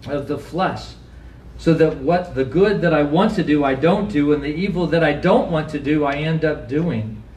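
A man's voice: darkish tone, distant mic, a little hiss or hum. Man preaching in an echoey church. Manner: earnest preaching, rising to high emphatic questions, acts out quotes. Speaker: pastor. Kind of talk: sermon. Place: church sanctuary.

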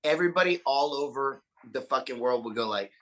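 Man, podcast guest, bright forceful voice, lively storyteller. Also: mid-range voice, brisk. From Texas, USA. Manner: animated, swears freely, acts out quotes. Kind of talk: casual storytelling chat.

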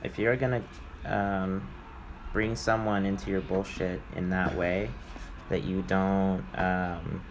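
A man co-hosting a casual podcast chat, speaking haltingly with many fillers. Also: deep voice, little pitch movement, background noise. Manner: halting, lots of fillers and affirmations. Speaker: podcast co-host.

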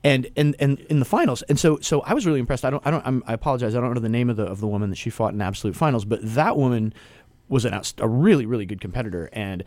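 A man's voice: mid-range voice, racing, a little mellow, no room sound. A man hosting a casual local radio show, talking loosely with restarts and easy laughs. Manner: rambling, restarts, laughs easily.

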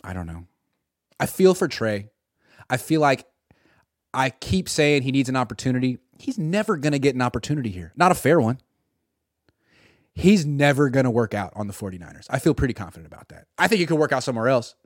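This man's medium-pitched voice moves at a brisk clip as he reacts to sports on his own, sarcastic and lively, voicing imagined lines for the figures he mentions. There's no room sound, and the audio is studio quality.

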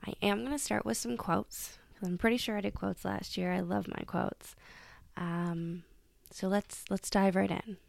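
A woman's voice: medium pitch, fairly even intonation, moderate pace, gravelly, no echo. A woman hosting her own solo podcast, chatting casually and laughing at herself as she reads quotes aloud. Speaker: podcast host.

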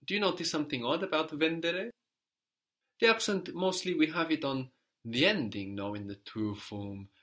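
A man's voice: a little high, normal speed, fairly bright tone. A man teaching a language lesson, patiently prompting a student and explaining grammar step by step.

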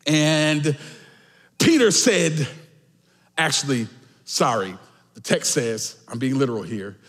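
A man preaching a sermon as pastor, swinging emphatically between shouted lines and quiet asides. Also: mid-range voice, animated, slow pace. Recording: echoey church hall.

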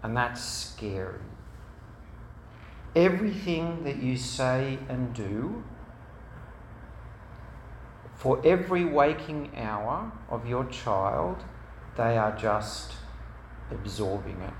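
Earnest guy giving a church talk, slow and storytelling, echoey room. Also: medium pitch, lively intonation, a little hiss or hum. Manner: earnest, storytelling, repetitive lists. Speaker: speaker at a parents' meeting. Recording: roomy hall with faint ambience.

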